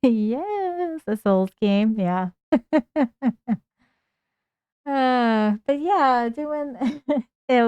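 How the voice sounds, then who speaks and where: A woman chatting casually on a live stream, laughing often and cooing at her cats in a high sing-song voice. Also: a little mellow, clear, resonant tone, no echo. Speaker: livestreamer.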